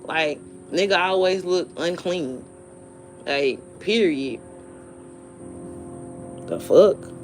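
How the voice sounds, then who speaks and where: A woman, her voice sitting a little on the low side, rants on a livestream. She is blunt, curses freely and waves people off, but tells her stories with animation. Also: extremely slow, pauses often, faint music behind. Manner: blunt, profane, dismissive, animated storytelling. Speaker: livestream host. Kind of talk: casual live-stream rant.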